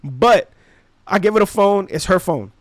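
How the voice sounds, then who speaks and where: A man in his thirties with a fairly high voice, spinning a slangy, animated story for his podcast. The sound is dry and close, with no room ring. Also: a little slow, dry recording. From Brooklyn, New York. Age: 30s. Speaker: podcast host. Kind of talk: casual storytelling.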